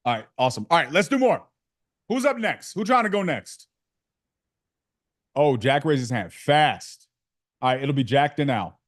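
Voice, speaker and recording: A man's voice: a little high, expressive, normal speed, pauses often, dry recording, clean studio sound. A man hosting a sales community on a video call, joking and slangy with lots of fillers. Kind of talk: casual coaching chat on a video call.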